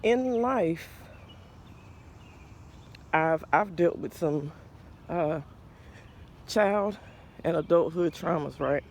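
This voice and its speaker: Hosting a reflective podcast on faith and mental health, a man in his forties talks slowly and earnestly, pausing and restarting, a little out of breath. His voice is gravelly, expressive, and on the high side, with slight background noise.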